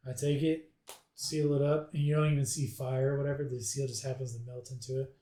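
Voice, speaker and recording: A man's voice: mid-range voice, little pitch movement, brisk, warm tone. A man playing a tabletop game, casually narrating his character's actions in first person. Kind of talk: casual role-play chat. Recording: roomy echo.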